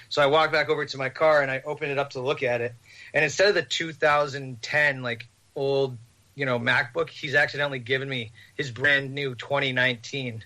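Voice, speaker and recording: A man on a podcast, telling a rambling, animated story with laughs. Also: fairly high pitch, a little fast. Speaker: podcast host. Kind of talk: casual storytelling.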